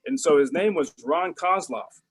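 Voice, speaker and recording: A middle-aged interview guest with a slightly rough voice on the high side tells a casual story at a moderate pace. He rambles, restarts often, uses plenty of fillers, and acts out phone calls in quoted voices, though the recording is low quality.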